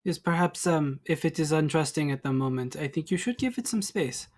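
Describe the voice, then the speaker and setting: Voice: medium pitch, expressive, a little fast. A player in a tabletop fantasy game over a voice call, speaking hesitantly. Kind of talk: casual tabletop game play.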